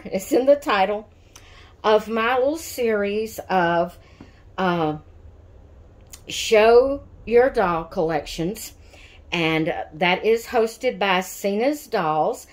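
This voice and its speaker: A woman's voice: mid-range voice, animated, takes it slowly. A woman, chatting in a casual vlog about her dolls, emotional and rambling, often correcting herself. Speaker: doll collector vlogger.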